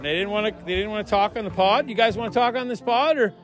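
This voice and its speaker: The host of this casual party podcast, recorded among friends in a garage shop, speaks fast in a high voice. He jokes around and rambles through his interviews as music plays behind him.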